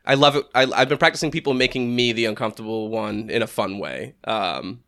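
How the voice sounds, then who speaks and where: A man's voice: on the low side, a little fast, vocal fry, pushed and bright. A man co-hosting a podcast in casual comedic chat, stammering and laughing often. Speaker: podcast co-host.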